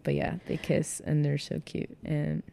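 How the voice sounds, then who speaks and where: A woman's voice: sits low, flat delivery, a little slow, gravelly, warm tone, no echo. A young woman chatting casually about books, rambling with lots of fillers and giggles.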